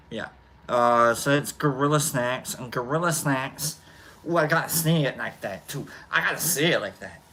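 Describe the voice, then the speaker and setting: A man hosting a casual chat show, talking in a rambling, halting way full of fillers and restarts. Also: mid-range voice, a bit bright, slight background noise. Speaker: host. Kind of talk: casual chat while smoking.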